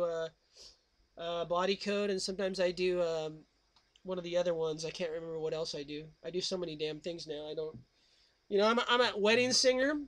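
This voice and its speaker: A man's voice: high voice, fairly bright tone. A man hosting a call-in radio show, chatting in a rambling, scatterbrained way and breaking into snatches of song. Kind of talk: casual call-in radio chat.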